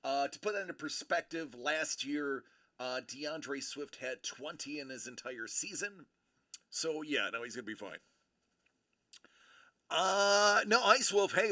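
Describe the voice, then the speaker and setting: A man's voice: a little high, bright, forceful tone. A man hosting a livestream, chatting casually and playfully and answering viewers by name. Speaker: livestream host.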